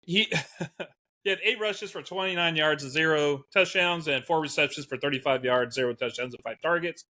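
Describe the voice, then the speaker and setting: Male co-host, casual sports talk, bright tone, lively delivery. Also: a little high, normal speed. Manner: animated, laughs often, reads out stats. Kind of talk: casual podcast chat.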